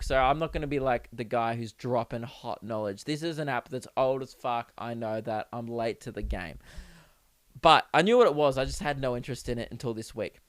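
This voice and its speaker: A man's voice: mid-range voice, no echo, clean studio sound. A young man hosting a podcast, rambling through a sweary comedic monologue and laughing at his own jokes.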